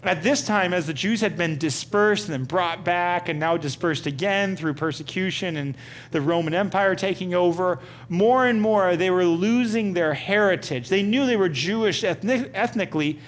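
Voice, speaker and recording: Male Bible study leader, fairly high voice, casual questioning teacher, faint hum behind. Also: normal speed. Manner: asks the group many questions, conversational with fillers. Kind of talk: interactive Bible study lesson.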